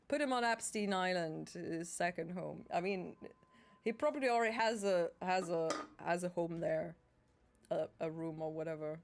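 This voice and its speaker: A woman's voice: on the low side, normal speed, gravelly. A woman streaming a video game, talking casually with sarcasm, swearing and frequent laughs. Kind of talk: casual gaming commentary.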